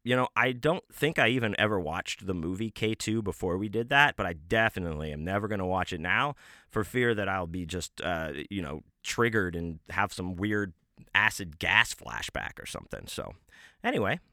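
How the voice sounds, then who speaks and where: A man's voice: low voice, expressive, moderate pace, sharp tone, dry recording, studio quality. A man hosting a podcast, telling a rambling, profane story in casual talk with many restarts and fillers. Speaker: podcast host.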